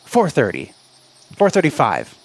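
A man running a tabletop game as game master, jokey and animated and laughing often. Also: a little high, measured pace.

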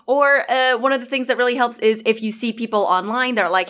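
A woman's voice: a little high, quick pace, few pauses, fairly bright tone, clean tone. A woman hosting a podcast, plugging the show in a casual, chatty way with lots of "like" fillers. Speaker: podcast host.

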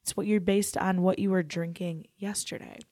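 Young woman singer co-hosting, chatty and earnest, medium pitch, dry close mic. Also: fairly even intonation, normal speed, a little mellow, no room sound. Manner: chatty, lectures earnestly on vocal health. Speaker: podcast co-host, singer. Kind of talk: casual chat. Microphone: podcast microphone.

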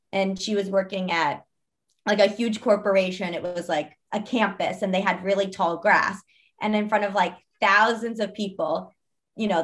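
A young woman guest on an interview, telling stories casually and chattily, using "like" constantly. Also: mid-range voice. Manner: chatty, heavy use of "like".

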